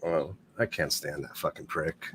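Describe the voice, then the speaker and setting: A man's voice: extremely low pitch, a little slow, fairly bright tone, slightly rough. A man hosting a casual livestream, swearing freely and rambling as he talks through gossip. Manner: profane, rambling, blunt. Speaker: livestream host.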